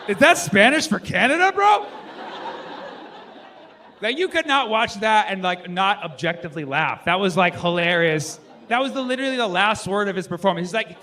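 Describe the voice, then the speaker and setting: Male stand-up comic, high-pitched and bright, rambling set with shouted character bursts. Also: sing-song, a little fast, slight background noise. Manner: loose rambling delivery, acts out voices with shouted bursts. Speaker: stand-up comedian. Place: comedy stage.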